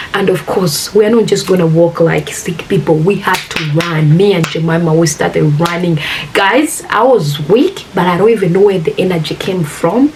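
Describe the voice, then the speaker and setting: A woman earnestly tells a personal story to her viewers. She talks to them directly and acts out the dialogue she quotes. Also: lowish voice. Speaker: vlogger. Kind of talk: emotional storytime retelling. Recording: distant mic with faint hiss.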